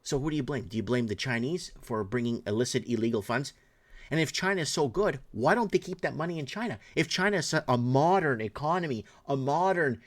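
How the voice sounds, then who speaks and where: A man's voice: medium pitch, expressive, brisk. A middle-aged man, commenting in an impassioned rant, indignant and heated with frequent restarts. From Canada.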